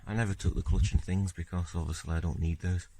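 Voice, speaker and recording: Low-voiced man, rambling and relaxed. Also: fast, slight background noise. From Scotland. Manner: relaxed, rambling, many fillers and "yeah"s. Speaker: car-repair vlogger. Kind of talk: casual video diary narration.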